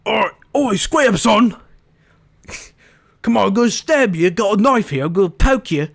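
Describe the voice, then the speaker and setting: A man's voice: high voice, animated, unhurried, creaky, fairly bright tone, pitched above the performer's own voice, exaggerated voice. A man voicing a mock tough British street lad who brags about stabbing people, in a put-on, brash, taunting way. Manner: brash, taunting, laughing at himself.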